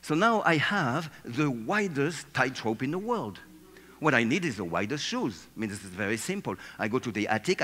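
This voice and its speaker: Man, animated, playful, acts out scenes, seated on stage, echoing hall. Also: mid-range voice. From France. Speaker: speaker giving a talk. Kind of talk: theatrical storytelling talk.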